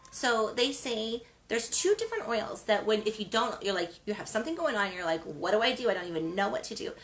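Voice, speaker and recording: Chatty woman with a gravelly edge. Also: mid-range voice, fairly bright tone. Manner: chatty, rambling, frequent ums and restarts. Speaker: wellness show host. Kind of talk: casual spoken segment.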